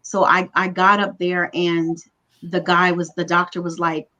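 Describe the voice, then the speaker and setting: A woman's voice: lowish voice, flat delivery, unhurried, pushed and bright, dull audio. Earnest woman retelling a hard ordeal. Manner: earnest, repeats words for emphasis. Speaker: guest recounting her illness. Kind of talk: emotional personal storytelling. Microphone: video call livestream.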